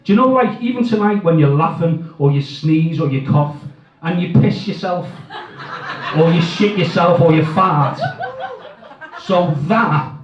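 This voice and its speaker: A man's voice: a little high, measured pace. A middle-aged man doing a crude, self-mocking stand-up set full of swearing. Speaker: stand-up comedian. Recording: echoey, distant, dull live sound.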